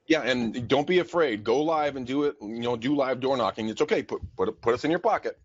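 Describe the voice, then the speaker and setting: Man co-host in his 40s, energetic and profane, dry dull-sounding mic. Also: mid-range voice, a little fast, breathy edge, no echo. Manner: energetic, profane, laughs often. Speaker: podcast co-host, real estate agent. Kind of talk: casual chat. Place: office.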